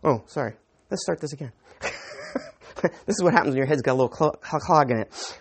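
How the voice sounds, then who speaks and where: A man preaching to a live audience in a room. His pitch swings widely as he teaches in a chatty way, posing rhetorical questions and often restarting phrases. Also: lively intonation, fast talker. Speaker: pastor. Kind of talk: sermon.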